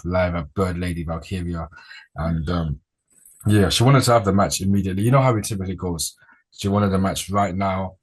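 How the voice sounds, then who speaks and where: A man hosting a casual wrestling chat, relaxed and rambling, with slangy sounding talk. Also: low voice, breathy edge. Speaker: podcast host.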